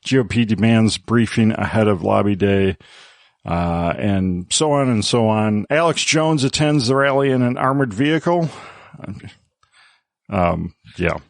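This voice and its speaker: A man hosting a casual podcast panel, reading sponsor lines quickly and joking with guests. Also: fairly low pitch, expressive, no room sound. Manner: brisk, joking, reads ad copy quickly. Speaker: podcast host.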